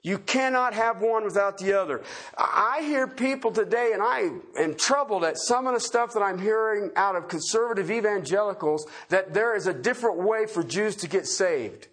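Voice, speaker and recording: Male preacher, high husky voice, folksy and emphatic sermon delivery. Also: moderate pace. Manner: folksy, swings between loud emphatic and quiet asides with chuckles.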